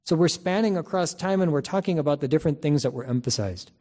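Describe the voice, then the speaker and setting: A man giving a spiritual lecture in a measured, teaching manner, often repeating key phrases and restarting sentences. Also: on the high side, animated, mellow. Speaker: religious teacher.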